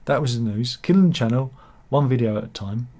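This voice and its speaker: A man's voice: mid-range voice, expressive, brisk, warm tone. A man hosting a satirical news chat show, casually reading out viewer comments with rambling, jokey and self-mocking asides.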